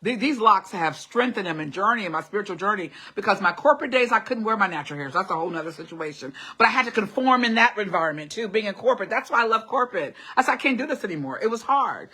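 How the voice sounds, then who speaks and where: Hosting a live motivational stream, a middle-aged woman reads comments in a casual way, urging viewers on with short repeated phrases and frequent laughs. She talks fast with hardly any pauses, her mid-range voice expressive, sharp and husky, carrying a classically trained singer's quality.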